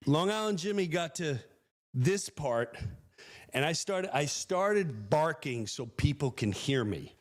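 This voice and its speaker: A man's voice: on the high side, takes it slowly. A man doing stand-up, telling a story and acting out the other people's voices. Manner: animated, acts out voices in his story. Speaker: stand-up comedian.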